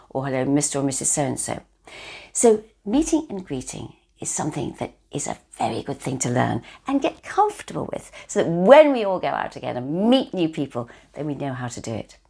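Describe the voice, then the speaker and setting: Older woman as a kindly etiquette teacher for kids; low, husky voice, very animated delivery. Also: normal speed. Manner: gentle and encouraging, speaking to children. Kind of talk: children's etiquette lesson video.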